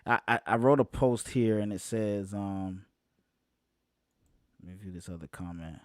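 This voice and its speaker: A man hosting a live talk show, speaking casually, often laughing and repeating phrases for emphasis, slowing down to stress points. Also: lowish voice, no echo, clean studio sound. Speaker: show host.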